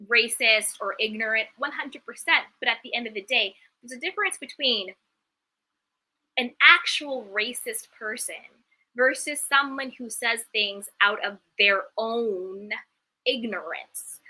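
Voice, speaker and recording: A young adult woman with a slightly high, sharp voice hosts a casual live-stream on reality TV, reading viewer comments aloud and giving candid, emphatic opinions. The recording quality is low.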